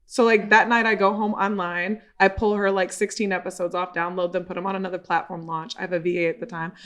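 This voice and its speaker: A woman's voice: on the low side, fast. A woman guest on a podcast, telling a story in casual chat, acting out what other people said and swearing freely. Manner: animated, acts out quoted dialogue, swears casually.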